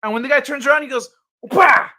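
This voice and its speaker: A man hosting a late-night live stream, chatting casually, swearing freely and telling stories with animated sound effects. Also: very high-pitched, very fast. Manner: laid-back, profane, animated storytelling.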